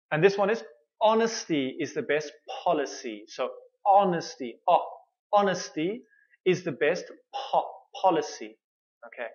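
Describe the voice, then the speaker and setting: A woman leads an English pronunciation lesson at an unhurried pace, sounding out each word syllable by syllable and repeating it patiently. The recording is dull and lo-fi. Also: on the low side. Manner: deliberate, drills words syllable by syllable with repetition.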